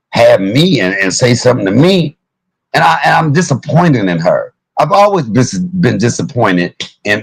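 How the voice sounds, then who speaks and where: Gravelly, husky man telling it animatedly. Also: lowish voice, no echo, low-quality recording. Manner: animated, profane storytelling. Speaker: livestream host. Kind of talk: heated live-stream commentary.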